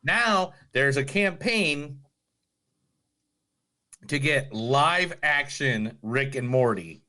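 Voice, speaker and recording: Bright, forceful guy co-hosting a casual podcast, jokey, runs through movie news. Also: mid-range voice, expressive, extremely slow. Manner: loose, joking, reads out entertainment news. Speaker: podcast co-host.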